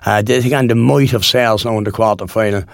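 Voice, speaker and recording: A man's voice: fairly low pitch, fairly even intonation, brisk, gravelly, dry recording, clean studio sound. A Cork Irish man in his sixties presenting local radio in a rambling, folksy chat full of fillers and restarts. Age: 60s.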